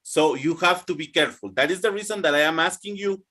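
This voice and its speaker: A man's voice: on the high side, fast talker, pushed and bright. A man teaching English numbers, patiently drilling students and checking in with them often. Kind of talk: online English pronunciation lesson.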